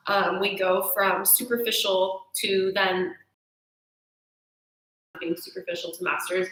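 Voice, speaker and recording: A young woman teaches yoga ideas in a bright, clear voice, talking casually and telling stories with a lot of life. She keeps checking in with her listeners. The room around her echoes strongly. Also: medium pitch, slow, pauses often. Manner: animated storytelling with self-quotes, frequent "right?".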